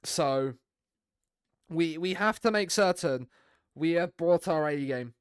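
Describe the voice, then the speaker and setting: A man's voice: fairly high pitch, lively intonation, slow, clean tone, no room sound, studio quality. A young man streaming a football management game, chatting casually with viewers in a rambling way. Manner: rambling, chatty, talks to viewers while playing.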